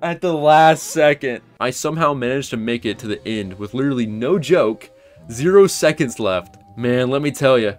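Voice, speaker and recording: A young man talks through a game analysis in a casual, blunt way, at a pitch that sits in the middle for a man. Faint music plays quietly behind his voice. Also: lively intonation, moderate pace. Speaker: gaming YouTuber. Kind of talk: casual game analysis narration with live play reactions.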